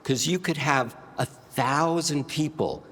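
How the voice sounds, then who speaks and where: Guy teaching public speaking, husky voice, plays with pace and pauses, long reverb. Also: fairly bright tone. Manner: demonstrative, varies pace and pitch, deliberate pauses. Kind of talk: instructive talk to camera.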